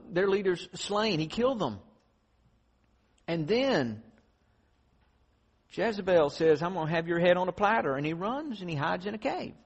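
A man preaching a sermon, emphatic, swinging from loud stress to hushed tones. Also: sits high, slightly rough.

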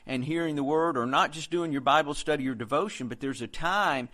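A man's voice: fairly high pitch, brisk, bright, forceful tone. A man preaching a sermon in an earnest, conversational way, quoting scripture as he goes.

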